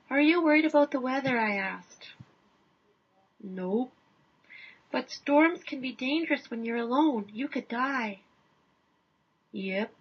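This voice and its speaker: A woman's voice: a little high, breathy edge. A woman reading a wry first-person essay aloud in a dry, understated manner. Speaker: essay reader. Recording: dull lo-fi recording.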